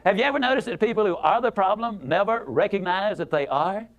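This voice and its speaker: A man's voice: high voice, fast, dull audio. A man giving a motivational speech, telling a story in a folksy, emphatic way and repeating words for effect. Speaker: motivational speaker.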